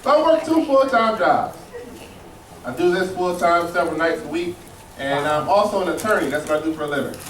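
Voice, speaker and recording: A man's voice: a little high, expressive, brisk. A man doing a stand-up comedy set, telling loose, profane stories that swing between somber and mocking. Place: comedy club stage with a live audience. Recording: roomy, distant live club recording with loud crowd noise.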